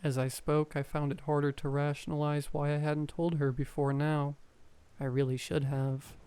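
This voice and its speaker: A man reading a first-person horror story aloud, calm and measured as a storyteller. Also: fairly high pitch, smooth.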